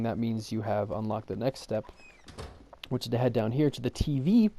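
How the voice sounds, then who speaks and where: This man's voice is medium-pitched and mellow at a normal speed, with a slight hiss or hum in the recording. He's a game walkthrough guide giving casual gameplay tutorial commentary, rambling through each step with plenty of ums. At times he raises his voice to be heard over the game's music.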